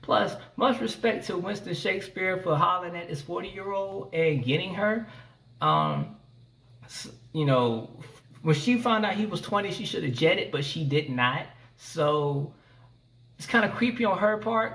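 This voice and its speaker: Gravelly man recapping deadpan, mic far off. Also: sits high, moderate pace, slight background noise. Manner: deadpan, crude asides. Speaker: comedian presenting a recorded clip. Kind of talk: comic recap monologue.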